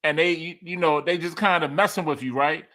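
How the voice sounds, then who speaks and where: Bright-voiced man telling a lively story. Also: on the high side, brisk. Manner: animated, acts out quoted dialogue, laughs often. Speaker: guest. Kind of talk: storytelling in a podcast interview.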